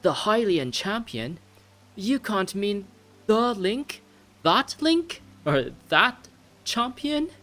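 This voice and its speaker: A man's voice: sits high, big pitch swings, takes it slowly, bright, forceful tone, pitched above the performer's own voice, full character voice. A man voicing an eager, earnest young fish prince in a put-on British accent, reading game lines in a raised voice. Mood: astonished. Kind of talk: reading game dialogue aloud.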